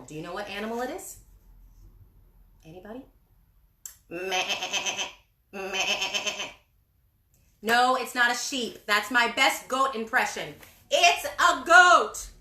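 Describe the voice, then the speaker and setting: A woman reading a picture book aloud to young children, animated and singsong, asking them questions as she goes. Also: a little high. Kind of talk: children's story time read-aloud. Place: indoor room with books. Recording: echoey room.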